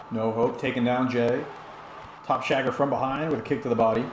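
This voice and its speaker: A man's voice: mid-range voice, brisk, echoey room, a little hiss or hum. A tipsy man streaming and giving rambling play-by-play commentary on a wrestling video game, chatting back to his viewers.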